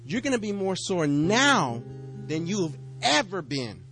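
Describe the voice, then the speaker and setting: A middle-aged man preaching a sermon, telling a story with lively back-and-forth dialogue. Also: high-pitched, measured pace, faint music behind. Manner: storytelling, animated, acts out quoted exchanges. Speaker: pastor.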